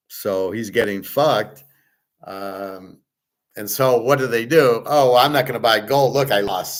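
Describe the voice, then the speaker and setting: A man hosting his own show, talking alone in a blunt, rambling rant, swearing and mocking others. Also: lowish voice. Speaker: host. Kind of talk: opinionated monologue.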